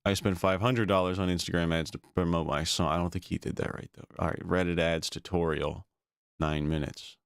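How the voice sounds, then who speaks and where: Deep-voiced man, sarcastic stream commentary. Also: steady tone, brisk, clear, resonant tone, no echo, clean studio sound. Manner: sarcastic, swears freely. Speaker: streamer reacting to videos. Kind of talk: casual profane reaction commentary.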